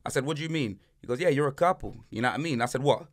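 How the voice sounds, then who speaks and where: A man's voice: mid-range voice, racing. A young man, hosting a podcast and telling a holiday story in casual, slang-heavy chat, acting out other people's voices. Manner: animated, slang-heavy, acts out voices in his stories. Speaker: podcast host.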